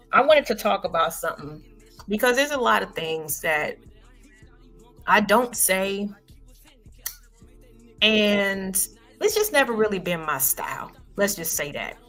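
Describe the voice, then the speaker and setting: A woman hosting her own livestream, talking loosely and casually, heavy on slang and fillers. Her pitch sits in a middle range, and faint music plays underneath her. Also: a bit bright. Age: adult parent. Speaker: livestream host. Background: faint background music.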